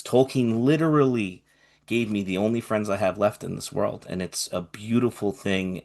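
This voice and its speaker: A man with a lowish voice speaking with earnest, tender sincerity. He drifts quieter and softer, holding back tears. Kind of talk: emotional personal testimony.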